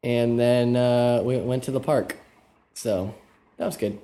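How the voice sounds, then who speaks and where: A podcast co-host tells stories in casual chat, rambling and easygoing with lots of filler words. His mid-range voice is steady and dark, and he speaks at a slow pace.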